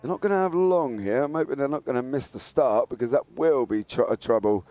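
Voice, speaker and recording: Chatty sim racing commentator. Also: male voice, mid-range voice, brisk, dry recording. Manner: chatty, jokey, climbs to excited shouts at race starts. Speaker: esports race commentator.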